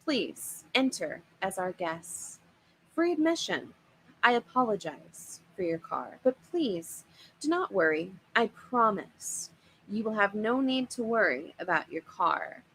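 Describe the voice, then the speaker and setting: A woman voicing a gruff, low-voiced monster costume worker who is creepily polite. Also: big pitch swings, takes it slowly, slight background noise, poor audio. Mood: eerily polite.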